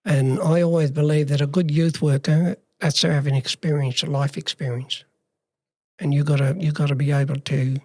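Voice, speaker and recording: A man's voice: on the high side, darkish tone, no echo, clean studio sound. Older Australian man telling life stories. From regional Western Australia. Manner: long story told in plain words, acting out past dialogue. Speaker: interview guest, former youth worker. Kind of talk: personal storytelling in a conversation.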